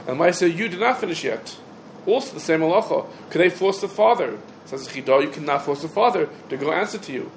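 A middle-aged man teaching a halacha lesson, quick and animated, acting out little exchanges between people. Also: a little high, low-quality recording. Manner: quick, animated, quotes back and forth. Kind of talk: Torah lesson lecture. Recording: faint background noise.

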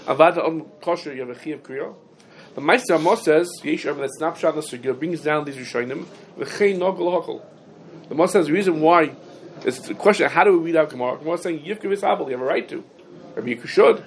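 Rebbe, slightly high voice, sing-song lecture cadence, faint room noise, fields student questions. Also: male voice, fast talker. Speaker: Talmud teacher giving a class. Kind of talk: yeshiva-style halacha lecture.

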